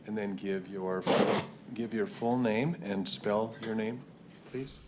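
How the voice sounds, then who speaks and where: A man presiding as judge in a courtroom, brisk and offhand as he gives instructions. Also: on the low side, fairly even intonation. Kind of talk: courtroom procedure. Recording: courtroom stream with background noise.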